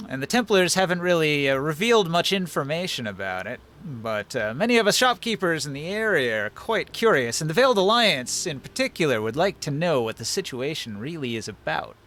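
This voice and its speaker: A man's voice: on the high side, pushed and bright. A man playing an old dwarf innkeeper.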